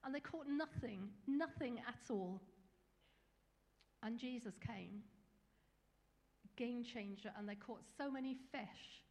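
A woman's voice: fairly high pitch, slow, long pauses, darkish tone, long reverb tail. A woman preacher giving an earnest, encouraging sermon with small fillers.

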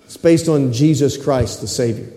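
A man's voice: mid-range voice, normal speed, warm tone. A middle-aged male pastor preaching a sermon in a church, emphatic and repetitive, often asking the congregation to respond. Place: church sanctuary. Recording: echoey hall reverb.

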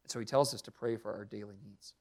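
A man's voice: lowish voice, fairly even intonation, fast. A young adult man preaching a sermon as pastor, speaking earnestly and expressively with strong emphasis.

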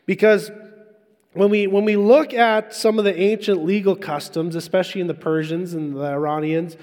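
A man's voice: sits high, steady tone, normal speed, darkish tone. A man preaching a sermon in a conversational way, asking the congregation questions. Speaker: pastor. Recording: echoey hall.

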